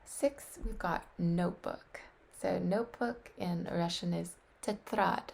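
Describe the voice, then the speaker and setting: A woman on a webcam practicing vocabulary aloud, tentative and thinking out loud as she sounds out words. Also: on the low side, slow pace, vocal fry, hardly any pauses. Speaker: language learner practicing vocabulary. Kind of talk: casual solo practice on webcam. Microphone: webcam microphone.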